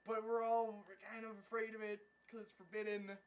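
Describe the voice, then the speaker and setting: Brief: fussy, fretting old men of a cartoon council, put on by a man, high and nervous. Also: monotone, moderate pace, close to an everyday voice. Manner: fussy, worried.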